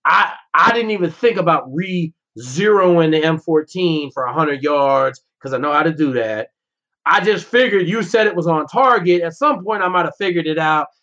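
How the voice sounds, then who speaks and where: A man's voice: fairly high pitch, normal speed. A man, a former Navy SEAL guest, telling profane, brash stories in casual conversation. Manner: profane, brash, animated storytelling. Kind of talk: casual storytelling. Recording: dull lo-fi podcast audio.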